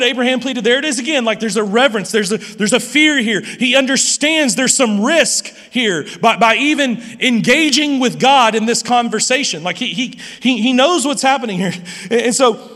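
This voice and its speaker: A man preaching a sermon as pastor, lively and animated, often stammering and restarting his phrases. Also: extremely high pitch, moderate pace, long reverb tail.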